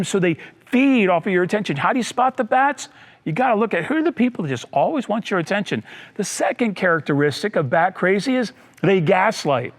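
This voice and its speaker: A man preaching a sermon as pastor, swinging between emphatic high bursts and low dropped lines, acting out the voices of people in his story and repeating key lines. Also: lively intonation, brisk.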